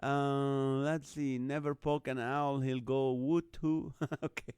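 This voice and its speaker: A man's voice: mid-range voice, flat delivery, slow pace, darkish tone, smooth, no echo, studio quality. A man from the Middle East hosting a casual live online show, reading out viewer comments and guesses with frequent laughter. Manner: jokey, laughs often, chuckling while reading names and numbers.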